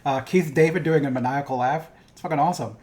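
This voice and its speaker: A man's voice: fairly high pitch, fast talker, a little mellow. A young man co-hosting a podcast and chatting casually about a cartoon, rambling and swearing. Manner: rambling, profane, fond of asides. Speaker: podcast co-host and game master.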